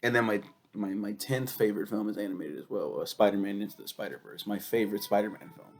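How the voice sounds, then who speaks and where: A young man with a cold and a cough, casually reviewing a film, swearing a lot and rambling excitedly. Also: fairly low pitch, fast. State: sick with a cough.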